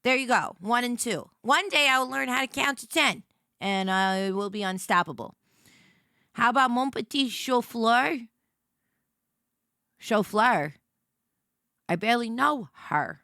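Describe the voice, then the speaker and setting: A woman's voice: on the high side, animated, a little slow, long pauses, pushed and bright, no echo, studio quality. A woman livestreamer chatting casually with her viewers, playful and rambling, often stammering and repeating herself. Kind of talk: casual stream chat.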